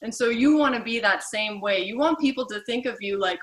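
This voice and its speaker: A woman giving a casual team training talk, chatty and lively, acting out little dialogues. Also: on the high side, brisk, few pauses, a little hiss or hum, poor audio.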